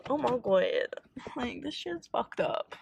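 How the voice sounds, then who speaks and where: A young woman vlogging casually, excitable and swearing a lot as she rants quickly. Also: high voice, gravelly, slight background noise. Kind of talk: casual vlog chat. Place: in a parked car in Texas heat.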